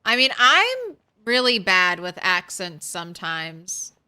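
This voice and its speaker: A woman streaming a game and chatting to her viewers in a loose, rambling way. Her voice is bright and clear, with a crisp, smooth tone. She takes her time, speaking at an unhurried pace. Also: lowish voice, big pitch swings. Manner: chatty, rambling, talks to chat. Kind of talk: casual gameplay commentary.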